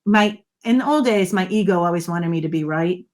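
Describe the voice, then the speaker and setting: Lively, emphatic woman guest. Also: on the low side, brisk. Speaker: guest, body language expert. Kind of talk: conversational interview.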